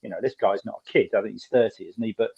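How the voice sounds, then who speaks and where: A man's voice: lowish voice, racing, gravelly, breathy edge, highs cut off. A man hosting a podcast, chatting in a jokey, upbeat way. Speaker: podcast host. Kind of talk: casual chat about golf betting.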